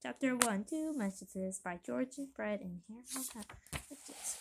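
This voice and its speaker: Woman, high pitch, reading a comic book aloud, hushed sound effects. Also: takes it slowly, vocal fry, background noise. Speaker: reader.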